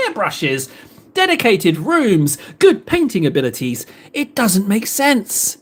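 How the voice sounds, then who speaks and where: A man's voice: high-pitched, huge pitch swings, slow pace. An English man in his thirties, chatting casually with viewers on a livestream in a rambling, playful way, full of rhetorical questions. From England. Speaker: livestream host painting miniatures.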